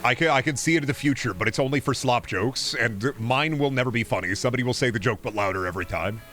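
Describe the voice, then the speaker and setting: A man's voice: medium pitch, quick pace, fairly bright tone, soft background music. A male streamer in casual chat, ranting and rambling with a lot of swearing.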